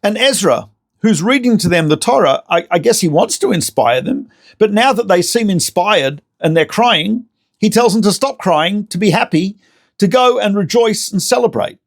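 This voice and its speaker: A man, a rabbi, giving a recorded lecture as an animated storyteller who repeats words and corrects himself. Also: high-pitched, moderate pace.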